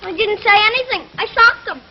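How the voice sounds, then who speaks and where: An actress playing a feisty, chatty young schoolboy, in 1940s radio acting on a dull old recording. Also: female voice, very high voice, brisk. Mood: eager. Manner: eager, chatty.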